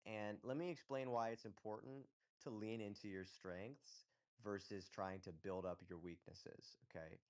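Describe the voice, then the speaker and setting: A man hosting a casual live audio chat, giving blunt, profane advice and often checking in with "okay?". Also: lowish voice. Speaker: host.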